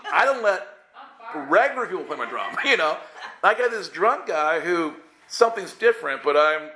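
His voice sits high and he talks at a normal speed. He's entertaining a church group with a humorous tale about himself, animatedly voicing his own thoughts and chuckling as he goes.

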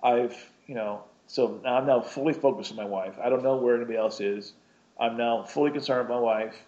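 A man's voice: mid-range voice, darkish tone. Rambling man telling a personal story. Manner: rambling, self-interrupting, chuckling between thoughts. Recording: dull lo-fi recording.

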